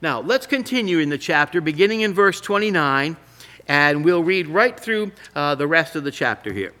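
Middle-aged male pastor, high bright voice, preaches with emphatic pauses. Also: sing-song. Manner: emphatic, slowing down on key phrases. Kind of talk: sermon with scripture reading.

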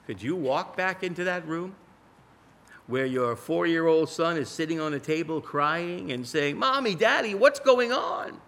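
A man preaching a sermon in a dramatic storytelling way, swinging from loud pleas to hushed lows. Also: measured pace, long pauses. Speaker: pastor.

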